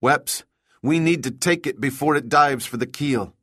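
A man's voice: medium pitch, unhurried, fairly bright tone, breathy edge, no room sound, studio quality. A man voicing a firm, clipped ship captain. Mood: tense. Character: commanding middle-aged male ship captain.

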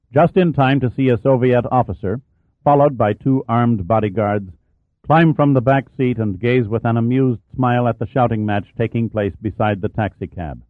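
A man narrates an audiobook from a script at a steady, measured pace in a mid-range voice. The recording is dry with no echo and has a narrow, phone-like sound.

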